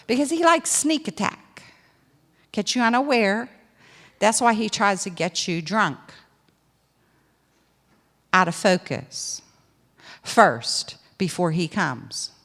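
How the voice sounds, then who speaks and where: A woman preaching a sermon in a lively, conversational way, acting out little dialogues as she goes. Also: medium pitch, in a large hall.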